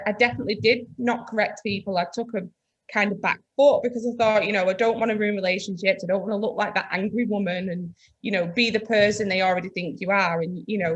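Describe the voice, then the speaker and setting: Business-owner woman, guest spot, frank lively storyteller who acts out quotes. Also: medium pitch. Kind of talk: casual chat.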